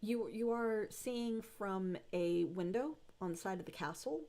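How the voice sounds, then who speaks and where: A woman narrating a tabletop game as game master, descriptive and unhurried with frequent fillers. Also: mid-range voice, warm tone.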